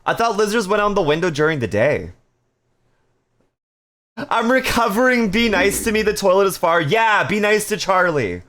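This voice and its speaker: A man's voice: high-pitched, very animated, normal speed, a bit bright. A man casually chatting on a live stream, reading viewer messages aloud with playful jokes and frequent laughter. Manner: laughs often.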